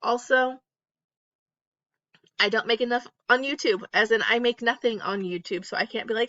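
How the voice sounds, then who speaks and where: A middle-aged woman chats candidly to her viewers from home at night, laughing at herself as she talks through her online selling. Her voice is bright and forward, recorded close and dry, with a slightly dull, muffled top end. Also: fairly high pitch, normal speed, pauses often, no echo. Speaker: eBay reseller and YouTuber. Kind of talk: casual list-with-me chat. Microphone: close, off camera.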